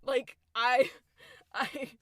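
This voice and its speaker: A woman's voice: high voice, level tone, drawn-out words, a bit bright, no echo. A young woman, co-hosting a podcast, telling a story in a chatty way and laughing often. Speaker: podcast co-host. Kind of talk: casual storytelling chat.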